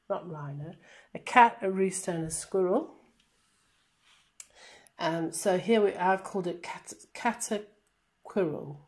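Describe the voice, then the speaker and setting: A fairly low-pitched woman speaks as a class teacher in a recorded remote lesson. She explains patiently and step by step, pausing on plenty of fillers along the way. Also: a little mellow.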